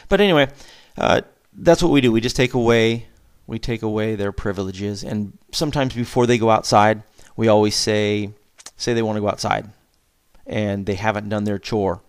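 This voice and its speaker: A man in his forties giving casual parenting advice as a father, animated, chuckling often and jumping up in pitch on questions. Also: moderate pace, smooth. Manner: animated, acts out back-and-forth with his kids, chuckles often; pitch jumps up sharply on questions and emphasis.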